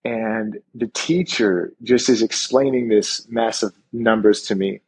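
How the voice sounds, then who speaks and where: Animated storytelling man with a husky voice. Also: on the low side, unhurried. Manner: animated storyteller, acts out quoted dialogue, swears casually. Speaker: chiropractor and wellness coach, podcast guest. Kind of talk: casual storytelling interview.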